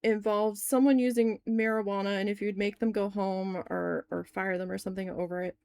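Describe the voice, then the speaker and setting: A woman's voice: medium pitch, flat delivery, brisk, a little mellow, no room sound. A woman in her forties, chatty and long-winded, telling a story in a casual crafting vlog and swearing when annoyed. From New Jersey. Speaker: crafting vlogger.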